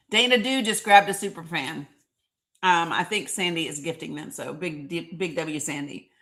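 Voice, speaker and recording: A woman hosting a casual live stream, chatting, reading viewer comments aloud and often laughing and clearing her throat. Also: sits low, a little slow, pauses often, a bit bright. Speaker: livestream host.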